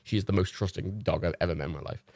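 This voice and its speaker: A man's voice: low voice, fast talker, gravelly, a little mellow, dry recording. A young man hosting a livestream, chatting in a casual storytelling way, laughing often and swearing casually. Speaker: livestream host.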